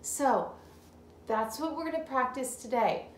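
A woman teaching phonics to a young child, unhurried and encouraging, stretching out each word and saying it twice. Her voice sits in a middle register and rings a little in an echoey room, with a faint hum behind her. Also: high-pitched. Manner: encouraging, sounds out words slowly and repeats them. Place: home room.

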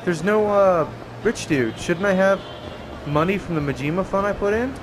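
A man's voice: sits high, moderate pace, background noise. A young man giving profane, jokey let's-play commentary while he plays. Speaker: gaming channel host. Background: game music.

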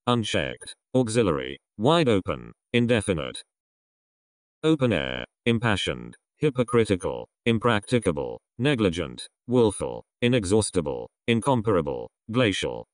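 A man reading English vocabulary words aloud one at a time, in a measured way with pauses between them. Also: sits low, no echo, clean studio sound. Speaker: vocabulary reader. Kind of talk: reading a word list aloud.

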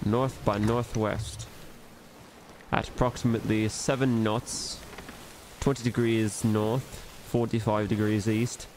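A man's voice: lowish voice, level tone, slow, a little mellow, slight background noise. A man giving casual gameplay commentary, joking and rambling to himself as he plays. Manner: joking, rambling self-talk. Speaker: gaming video host.

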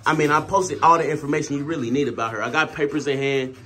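Laid-back man breeder chatting to camera, a bit high-voiced, dogs and faint noise in the background. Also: steady tone, quick pace, pushed and bright. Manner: laid-back, talks to dogs mid-sentence; addresses viewers as y'all. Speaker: dog breeder. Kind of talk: casual vlog.

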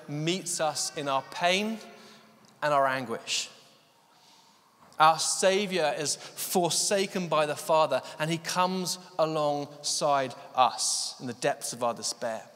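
A man's voice: on the high side, a bit bright. Man preaching in an echoing hall. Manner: storytelling, many fillers, slows down for emphasis. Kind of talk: sermon. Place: church hall.

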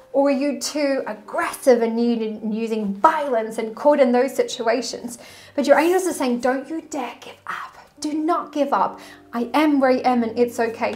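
A woman spiritual coach talking casually and effusively to her viewers, pulling cards and chatting about energy healing. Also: a little high. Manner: animated and effusive, breaks into song.

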